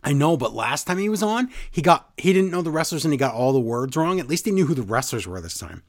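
A man's voice: on the high side, very animated, fast talker. A man co-hosting a casual chat, retelling a show in detail and briefly mimicking the people he quotes. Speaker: podcast co-host recapping wrestling.

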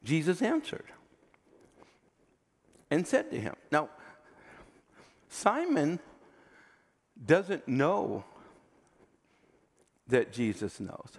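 A male preacher delivering a sermon at a slow, deliberate pace, his pitch rising and falling with animated swings. His slightly high voice hangs in the long reverb of a hall. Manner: expressive, emphatic, often drops to a quiet intense tone.

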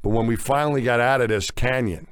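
A man's voice: medium pitch, quick pace, clean tone, no room sound, studio quality. A man in casual chat as podcast co-host, talking in a rambling way with many restarts and fillers. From United States.

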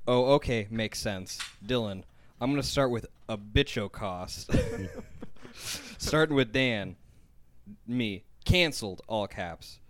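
A man's voice: on the low side, no room sound. A man on a casual podcast, reading out group chat messages in a jokey way. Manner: jokey, reads messages aloud with quick voice changes. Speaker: podcast co-host.

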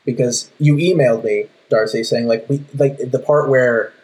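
A male voice actor casually telling stories about recording sessions, speaking in quick bursts. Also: mid-range voice, poor audio. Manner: lively storyteller, quick bursts. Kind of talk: casual panel chat.

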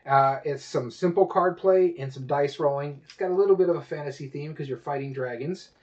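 A man with a fairly high voice chats through a casual podcast, rambling with plenty of fillers and restarts. The audio is dull and lo-fi. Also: a little fast, a little mellow. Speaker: podcast co-host. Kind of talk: casual chat about board games.

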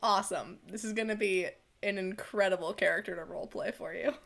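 A woman's voice: mid-range voice, steady tone, brisk, gravelly, a bit bright. A woman hosting a casual chat, encouraging her guest and giggling often. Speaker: host.

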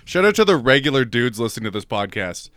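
A man's voice: medium pitch, sing-song, fast talker, fairly bright tone, no room sound. A young man co-hosting a podcast, teasing his friend and laughing often in casual banter. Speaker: podcast co-host.

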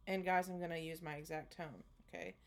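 A woman co-hosting a casual chat, telling a family story in an animated way and acting out the dialogue. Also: deep voice, a little fast. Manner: animated, acts out quoted dialogue. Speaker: podcast co-host.

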